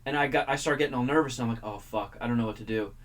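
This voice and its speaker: A man's voice: mid-range voice, very fast. A man who is a regular on a radio talk show, telling a long story in a chatty way, swearing casually and acting out the people he quotes. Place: radio studio.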